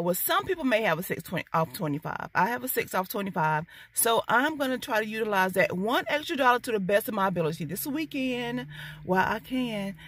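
A woman vlogging about coupon deals, talking casually to camera. She is very excitable and gets loud when thrilled, but talks more quietly while in the store. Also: a little high. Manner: hushed in the store.

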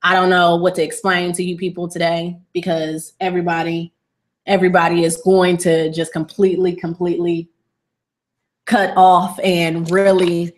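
Woman doing a low, hesitant esophagus concierge. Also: flat delivery, lightly acted. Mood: unsure. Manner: halting, low and quiet, with fillers.

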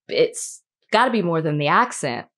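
Chatty woman co-host with a lowish voice. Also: very animated, normal speed, fairly bright tone. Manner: chatty, peppered with "like". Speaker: podcast co-host. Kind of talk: casual chat.

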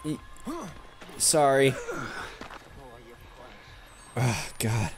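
Let's play host, male, slow sarcastic delivery, jokes to the characters, swears when spooked. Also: mid-range voice, expressive. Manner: jokey, sarcastic, talks to game characters; swears and yelps when startled. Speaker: gaming video host.

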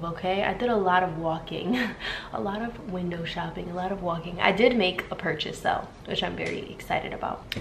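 A woman's voice: fairly low pitch, fairly bright tone. A young woman vlogging from her home in a chatty, sassy way, putting on a British accent. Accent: put-on British. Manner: chatty, sassy, slow and drawn out. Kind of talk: casual vlog chat. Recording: roomy echo, faint room noise.

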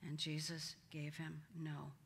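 A woman's voice: sits low, monotone, slow pace, gravelly, a little hiss or hum. A woman teaching a Bible study, acting out the quoted lines with dramatic emphasis. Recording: hall reverb.

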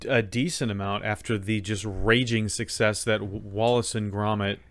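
A man's voice: fairly low pitch, steady tone, moderate pace, a bit bright, no echo. A man co-hosting a podcast in casual chat, joking and rambling with plenty of fillers and restarts. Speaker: podcast co-host.

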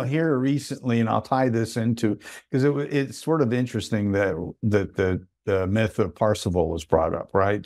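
A man's voice: fairly low pitch, a little mellow, no echo, studio quality. A man in a casual podcast conversation who tells personal stories and often checks in with his listeners. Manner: storytelling, with repeated "right?" check-ins.

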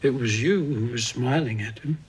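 An actor playing a calm older tailor in a film drama, speaking in a quiet, measured way. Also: male voice, medium pitch, slightly rough.

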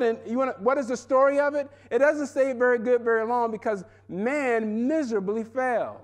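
Man, pastor, high-pitched voice, lively sermon delivery that jumps between loud highs and quiet lows, chapel setting. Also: moderate pace, hardly any pauses. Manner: animated preaching, swings from loud and high to low and quiet. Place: seminary chapel.

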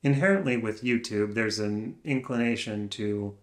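A man musing aloud alone in a room, soft-spoken and searching, speaking in halting phrases that trail off into pauses. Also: fairly low pitch. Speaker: vlogger. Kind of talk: slow reflective musing.

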